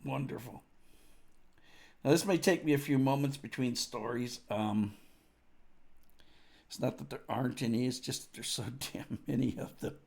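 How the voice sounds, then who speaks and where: A man's voice: mid-range voice, moderate pace, vocal fry, long pauses, darkish tone. A grieving man telling a casual, profane anecdote at a tribute, full of fillers and asides. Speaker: storyteller at a tribute. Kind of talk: rambling spoken anecdote.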